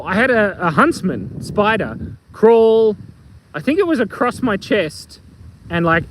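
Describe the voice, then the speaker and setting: A man's voice: fairly high pitch, slight background noise, low-quality recording. A middle-aged man with an Australian accent, chatting playfully on a live stream and telling jokes while outdoors in the bush. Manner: playful, rambling, tells jokes and reads chat aloud. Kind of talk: casual live stream chat. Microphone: phone.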